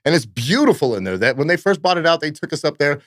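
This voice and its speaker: His fairly high, fairly bright voice swings widely in pitch as he talks fast, recorded at studio quality with no room sound. The Fresno, California nightclub promoter rambles through long, profane stories as a podcast guest, saying "blah, blah, blah" often.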